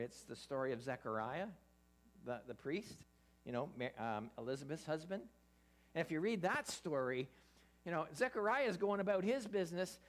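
A preacher giving an interactive Bible sermon, animated, often stammering and restarting while putting questions to the listeners. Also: mid-range voice. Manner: animated, quizzes the audience.

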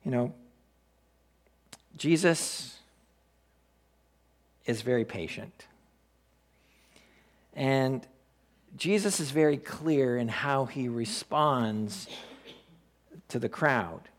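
A man's voice: mid-range voice, drawn-out words, long pauses. A man preaching a sermon in a conversational, storytelling way, asking his listeners questions and retelling a film scene. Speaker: pastor.

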